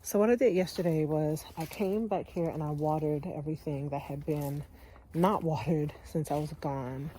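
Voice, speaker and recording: A homestead vlogger in her thirties strolls through her backyard garden, chatting and sighing as she calls her viewers y'all. Her low voice is mellow and moves at a moderate pace, with slight background noise in this casual garden vlog.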